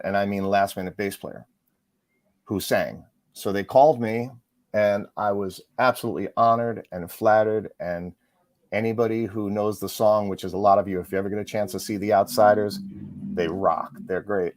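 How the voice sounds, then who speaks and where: A middle-aged man, a musician and author, chatting as an interview guest, rambling quickly through stories with lots of fillers. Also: fairly low pitch, fairly even intonation, darkish tone, no room sound. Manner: fast, rambling storyteller with frequent fillers. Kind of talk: casual interview chat.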